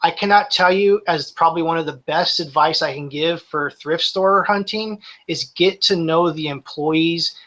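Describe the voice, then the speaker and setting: Guy in his 40s talking shop on a live stream, kinda high bright voice, lots of restarts. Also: normal speed, few pauses, low-quality recording. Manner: casual, rambling with restarts. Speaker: guest reseller.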